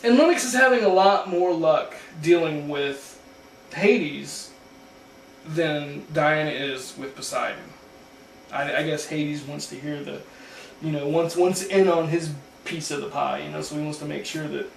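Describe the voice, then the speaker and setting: A man's voice: a little high, a little slow, creaky, a little hiss or hum. Casual man recapping a comic, echoey room. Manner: loose storytelling with filler words and restarts. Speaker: comic book show host. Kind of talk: casual retelling of a comic story. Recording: echoey room, mic at a distance.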